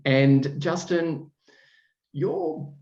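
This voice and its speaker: A man's voice: fairly high pitch, drawn-out words, gravelly, a little mellow. A man hosting a podcast, chatting with a guest in an effusive, rambling way full of fillers and restarts. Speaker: podcast host. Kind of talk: casual chat with a guest. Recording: roomy, dull sound.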